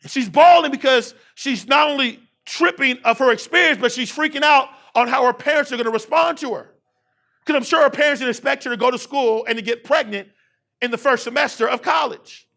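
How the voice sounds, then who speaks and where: Keynote speaker, man around forty: high bright voice, rousing call-and-response delivery. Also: fairly quick, vocal fry. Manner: repetitive preaching cadence. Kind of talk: motivational keynote speech. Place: university event hall.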